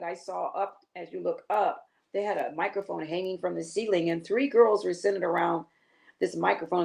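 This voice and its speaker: An older woman, a guest singer, telling a lively story on a talk show and acting out the quotes with laughter. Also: fairly low pitch, gravelly.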